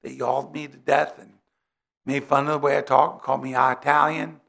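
A man's voice: medium pitch, little pitch movement, a little fast, creaky, a bit bright. A middle-aged man from New Jersey preaching a sermon in a conversational way, weaving in personal stories.

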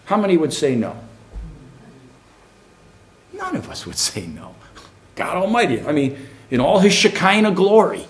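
A middle-aged man delivering a sermon, his pitch leaping up and down with real liveliness. He keeps turning to the congregation with rhetorical questions, animated and earnest throughout. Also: unhurried, long pauses. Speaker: preacher.

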